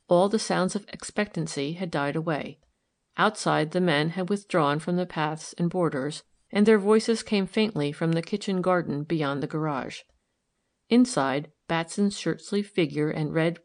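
A woman narrating a novel as an audiobook in a measured, even way. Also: fairly low pitch. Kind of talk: scripted narration.

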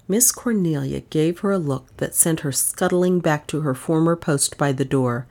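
A woman reading a novel aloud as an audiobook narrator, with expressive storytelling. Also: low-pitched, normal speed, hardly any pauses. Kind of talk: scripted narration.

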